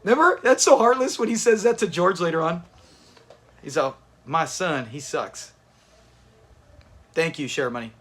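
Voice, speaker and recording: High, lively man reacting on a livestream. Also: a little fast. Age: adult with kids. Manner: chatty, laughs often, talks to viewers in chat. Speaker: livestream host. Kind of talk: live watch-party reaction commentary.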